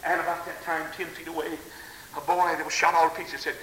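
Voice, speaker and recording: A man preaching a fiery revival sermon. He moves from hushed storytelling to shouted exclamations. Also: on the high side, flat delivery, fairly quick. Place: church hall. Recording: echoey hall with faint tape hiss.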